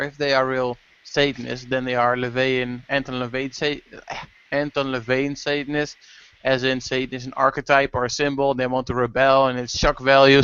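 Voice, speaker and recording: Smooth-voiced man on a muffled call. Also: mid-range voice, a bit bright. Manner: rambling, swears. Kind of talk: casual group chat. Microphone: video call.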